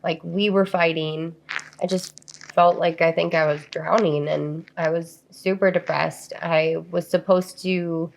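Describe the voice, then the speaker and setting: A woman in her thirties co-hosts a casual podcast, speaking candidly and reflectively with plenty of filler likes. Her voice sits low, with a gravelly fry running through it. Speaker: podcast co-host. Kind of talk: casual chat, personal storytelling.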